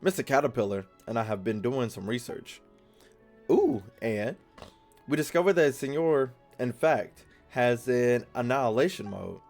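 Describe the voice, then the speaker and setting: A man's voice: medium pitch, lively intonation, normal speed, hardly any pauses, a little mellow, faint music behind. A man hosting a gaming video, reading game dialogue aloud in a casual, jokey way and stumbling over words.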